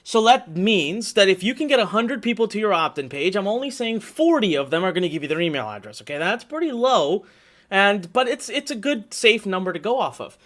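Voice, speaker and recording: A man in his thirties, talking to his audience in a loose, chatty workshop manner. He checks in with them often as he tells a story and walks through his numbers. His voice sits somewhat high for a man. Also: very animated, fairly quick, fairly bright tone. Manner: chatty storyteller, lots of "okay?" and "you know". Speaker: online marketing instructor. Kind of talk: live workshop teaching.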